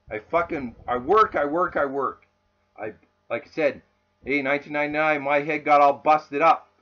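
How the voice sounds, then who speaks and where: A man's voice: a little high, a bit bright. A man delivers an angry, profane rant to camera, swearing constantly in a raw, furious voice. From Canada. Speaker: vlogger. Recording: dull lo-fi recording.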